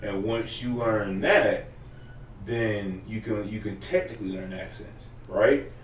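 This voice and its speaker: A man's voice: lowish voice, fairly even intonation, unhurried, distant mic. A man chatting casually in a loose, profane, rambling way. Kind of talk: casual podcast chat. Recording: roomy, off-mic, faint room noise.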